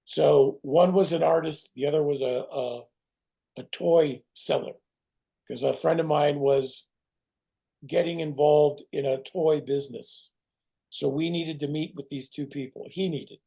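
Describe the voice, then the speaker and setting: A middle-aged man, a guest actor in a casual interview who tells animated stories, swears and acts out other people's voices. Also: on the high side, unhurried, vocal fry, breathy edge. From Canada.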